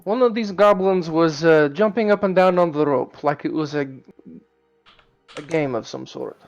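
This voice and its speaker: Gravelly higher-voiced man on a dull mic. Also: normal speed, faint music behind. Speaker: player. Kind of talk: casual tabletop play.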